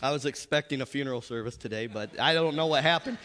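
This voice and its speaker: A pastor preaching a lively sermon in a church, repeating himself and laughing often. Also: male voice, medium pitch, fast talker, long reverb tail.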